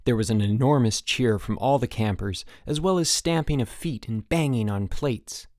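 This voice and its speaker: A man narrating an audiobook in lively storytelling narration. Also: mid-range voice, normal speed, no room sound, clean studio sound. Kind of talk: scripted narration.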